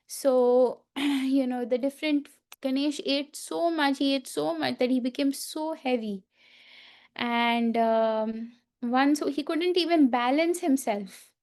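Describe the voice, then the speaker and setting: A woman teaching a festival class tells a sacred story slowly, with frequent fillers and asides to her listeners. Her voice is high-pitched with a darkish tone.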